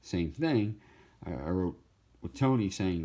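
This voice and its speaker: Easygoing low-voiced man touring his sketchbook. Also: lively intonation, slow, mellow. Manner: easygoing, laughs, jumps into goofy voices. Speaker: artist showing his sketchbook. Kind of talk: casual sketchbook tour.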